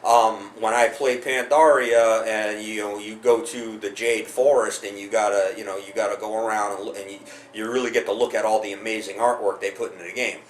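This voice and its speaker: A man's voice: fairly low pitch, fairly even intonation, fairly quick, echoey room, slight background noise. A man talking casually to camera about a game, rambling with many restarts and frequent swearing. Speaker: gaming video host.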